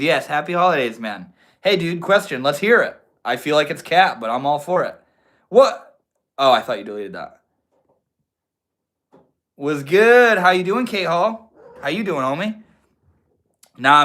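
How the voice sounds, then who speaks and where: A man's voice: mid-range voice, sharp tone. Laid-back Maine man hosting a livestream. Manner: laid-back, slangy, calls viewers homie and bro. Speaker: livestream host. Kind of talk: casual livestream chat reading comments.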